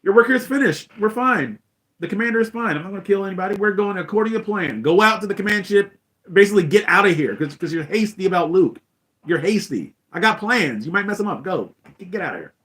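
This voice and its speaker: A man's voice: high-pitched, expressive, quick pace, a bit bright, voice pushed up. A man voicing a scheming old male galactic emperor, paraphrasing his orders in a raised, dismissive, commanding voice. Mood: bossy, dismissive.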